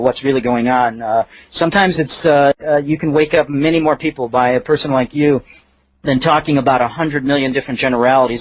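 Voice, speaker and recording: A man's voice: mid-range voice, poor audio. A man hosting a radio interview and taking callers, conversational, with brief listening responses. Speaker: radio show host.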